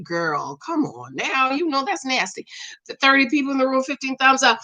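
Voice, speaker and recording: A middle-aged woman hosts a relaxed chat show, reading out viewer comments in a high, bright voice. She is animated and laughs often as she talks straight to her audience. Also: moderate pace. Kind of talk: casual chat.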